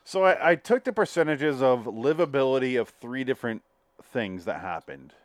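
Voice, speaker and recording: A man's voice: mid-range voice, lively intonation, normal speed, dry recording, clean studio sound. A man co-hosting a comedy podcast, playful and riffing through improvised banter. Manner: playful, riffs in silly put-on voices.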